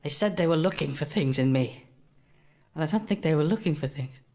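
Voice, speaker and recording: A man's voice: on the high side, a little fast, a little mellow, lightly acted. A man voicing a bewildered male prisoner who speaks in a hesitant, incredulous way. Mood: uneasy.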